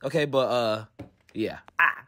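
A man's voice: medium pitch, a little slow. A young man talking to his phone camera in a playful, slangy, casual vlog while out on city streets. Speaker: vlogger. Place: outdoors on city streets and subway. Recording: street noise behind.

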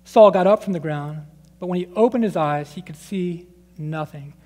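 A man in his thirties preaching a sermon, conversational and animated, acting out scripture quotes and his children's voices. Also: a little high, normal speed. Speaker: pastor. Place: church sanctuary. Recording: long reverb of a church sanctuary.

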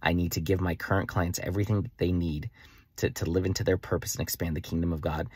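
A young man talking excitedly in a rambling daily vlog about his faith coaching plans, full of "like" fillers. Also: low voice, fast talker, slightly rough, no room sound. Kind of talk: enthusiastic daily vlog monologue.

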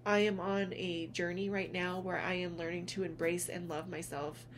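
Gentle earnest woman vlogger. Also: fairly low pitch, little pitch movement, moderate pace, background noise. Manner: gentle, earnest, calls listeners "honey". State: tearful at moments. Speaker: spiritual vlogger, reader. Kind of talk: heartfelt direct-to-camera vlog.

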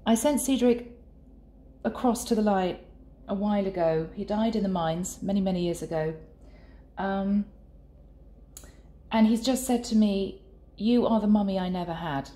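A woman giving a channeled tarot reading in an earnest, soft and sometimes emotional way. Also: medium pitch, normal speed. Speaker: tarot reader. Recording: echoey room with faint ambience.

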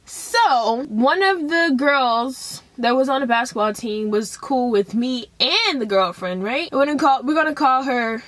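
A young woman with a high voice tells a school drama story straight to camera. She talks in a casual, profane, animated way and acts out the other people's lines as she goes. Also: unhurried, hardly any pauses, no room sound. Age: young adult. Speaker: vlogger telling a story.

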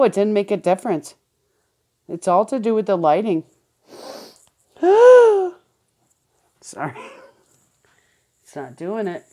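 A woman with a low, dark-toned voice records a candid personal vlog at home. She rambles, repeats words, and swears, and she's miked through headphones along with her camera.

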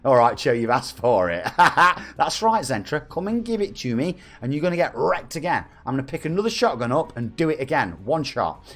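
A man, chatting and joking with viewers as a game streamer. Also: mid-range voice. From England. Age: 40s. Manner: chatty, jokey, reads out viewer messages. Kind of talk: live-stream chat with viewers.

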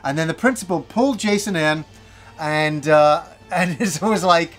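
High-voiced man telling a story, music behind. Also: measured pace. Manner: animated, swearing, self-mocking. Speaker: gaming channel host. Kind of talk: casual storytelling monologue.

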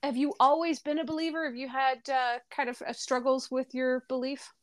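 A woman hosting a podcast interview, upbeat and quick to laugh. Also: high-pitched, level tone. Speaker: podcast host. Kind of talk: casual interview chat.

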